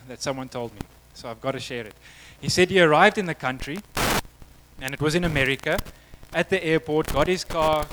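A man's voice: a little high, background noise. Male preacher telling a story. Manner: storytelling, conversational with acted quotes. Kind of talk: sermon.

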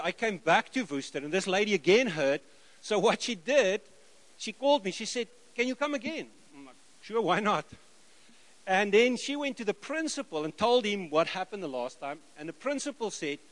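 A middle-aged South African man preaching, telling lively stories and acting out the dialogue. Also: sits high. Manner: lively anecdotal, acts out dialogue, chuckles. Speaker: missionary preacher. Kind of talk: sermon storytelling.

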